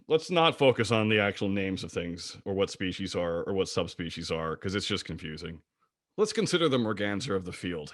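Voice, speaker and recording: A man presenting an online slide lecture about birds, playful and jokey, with wide swings in pitch. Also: fairly bright tone, no room sound, clean studio sound. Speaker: guest presenter of a bird talk.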